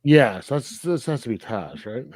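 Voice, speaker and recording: A man's voice: mid-range voice, big pitch swings, normal speed, a little mellow, no echo, studio quality. A man co-hosting a podcast, chatting casually about a film, laughing often and rambling through loose sentences with fillers. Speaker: podcast co-host. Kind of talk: casual film review chat.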